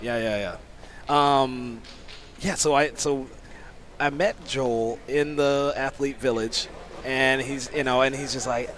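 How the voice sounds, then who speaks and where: A man, a sumo coach, giving casual sports commentary, excitable and often laughing while telling rambling stories. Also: mid-range voice, slow, slight background noise. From United States.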